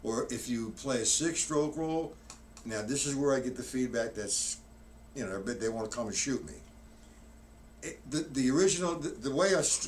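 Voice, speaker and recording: A man's voice: medium pitch, animated, moderate pace. A man teaches drums on a live stream in a loose, rambling way, breaking off to count beats aloud. He sits well back from the microphone, and the room around him is noisy. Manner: rambling, self-correcting, counts out loud while demonstrating. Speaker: drum teacher. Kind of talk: live-streamed drum lesson. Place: practice room with a drum kit. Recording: distant mic, noisy room.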